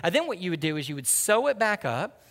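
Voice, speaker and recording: A man with a fairly high voice delivers a sermon as a pastor. He tells folksy stories and keeps calling out to his congregation. His voice carries a long reverb from a large church hall. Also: very animated, fast talker, a bit bright. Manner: folksy storytelling, calls to the congregation.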